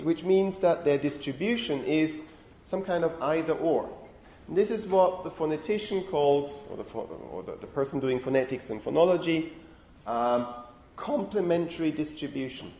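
In an echoey classroom with a little ambient noise, a man whose voice sits on the high side yet sounds dark teaches phonetics. He reasons aloud as he goes and frequently checks in with the class.

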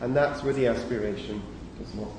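Lecturer in an echoey hall, heard from afar. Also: male voice, medium pitch, brisk, distant mic, noisy background. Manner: thinking aloud, frequent okays and fillers, self-correcting. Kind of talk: university lecture.

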